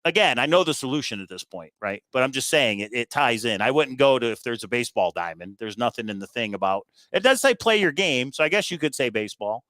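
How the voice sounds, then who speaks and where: A man's voice: medium pitch, lively intonation, fast, few pauses, pushed and bright, no echo. Chatty man thinking aloud, dry sound. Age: adult with kids. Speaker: treasure hunt video host. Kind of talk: casual walkthrough commentary.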